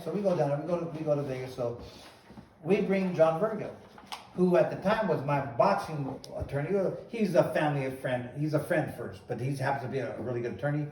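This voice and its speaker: A man hosting a show and telling a long story in an animated, casual way, often repeating "he goes". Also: on the high side, fast talker, slight background noise. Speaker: host, former boxer. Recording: roomy echo, distant mic.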